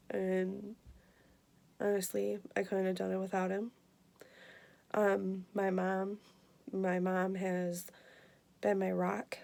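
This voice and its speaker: A woman in her twenties giving an earnest, emotional personal health update, halting with many fillers. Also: medium pitch, gravelly, dark tone. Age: 20s. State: emotional, near tears. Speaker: vlogger.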